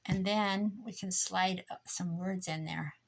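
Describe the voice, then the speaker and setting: A woman's voice: lowish voice, steady tone, a little slow, gravelly. A tired woman chatting casually to herself and her viewers while crafting at home, muttering and joking at her own expense. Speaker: crafting vlogger.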